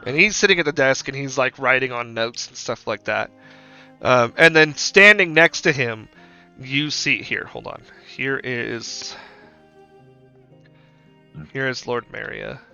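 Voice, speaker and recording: A man's voice: mid-range voice, expressive, measured pace, gravelly, pauses often, sharp tone. A man running a tabletop game as game master, narrating casually and ramblingly with lots of fillers and swearing. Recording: dull lo-fi with faint music.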